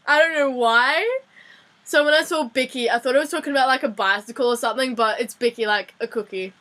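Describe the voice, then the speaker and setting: A young woman with an Australian accent talks through a casual slang lesson in a rambling, giggly way, often restarting her sentences. Her voice sits a touch high. There is a faint hum of room noise behind her. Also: fairly bright tone. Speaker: vlogger teaching slang.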